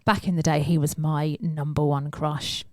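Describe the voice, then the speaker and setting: A woman's voice: sits low, moderate pace, dry recording. An English woman co-hosting a podcast, telling a story in a casual chat and acting out what people said. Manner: animated storytelling, acts out quotes. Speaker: podcast co-host.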